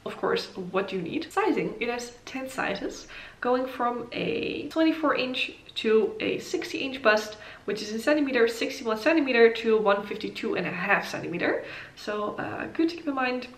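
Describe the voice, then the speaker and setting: A woman's voice: a little high, expressive, normal speed. Chatty woman in an echoey room. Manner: chatty, many ums and uhs, thinks aloud. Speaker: knitting channel host. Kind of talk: casual pattern review vlog. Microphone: camera mic.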